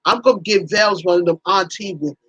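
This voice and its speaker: A woman's voice: fairly low pitch, brisk, husky, no room sound, poor audio. A woman hosting a casual livestream, talking animatedly with viewers, teasing them by name and exclaiming often. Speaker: livestream host.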